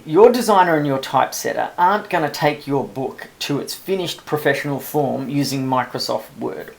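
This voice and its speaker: A man, a publisher, talking new authors through a screen-recorded software tutorial in a relaxed, chatty and self-amused way. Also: medium pitch, gravelly.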